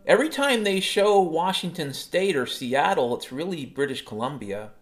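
A man's voice: a little high, animated, normal speed, music in the background. A man in his fifties hosting a solo podcast, ranting in a sarcastic, profane way. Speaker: podcast host.

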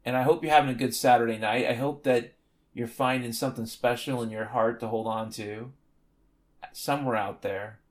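A man's voice: mid-range voice, fairly even intonation, normal speed. A man hosting a solo podcast, talking in a rambling, sardonic and profane way. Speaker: podcast host.

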